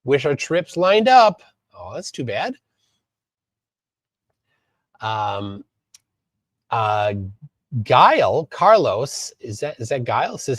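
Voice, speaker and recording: A man from Minnesota hosting a live stream, reading chat aloud and commenting in a halting way with many fillers. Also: mid-range voice, big pitch swings, dry recording. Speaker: livestream host.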